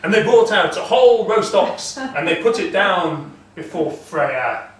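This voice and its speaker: A man telling a myth live in a castle great hall, dramatic, swelling loud and dropping to a hush. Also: sits high, animated, unhurried. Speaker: storyteller. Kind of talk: live oral storytelling. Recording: echoey hall from far off.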